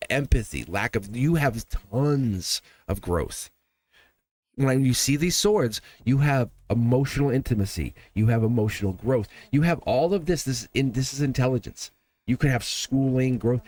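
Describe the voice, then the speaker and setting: A man in the middle of a live tarot reading, speaking at a mid pitch. He rambles, stacks repeated words and breaks into quick laughs. His delivery is emphatic and conversational. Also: dry recording. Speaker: tarot reader.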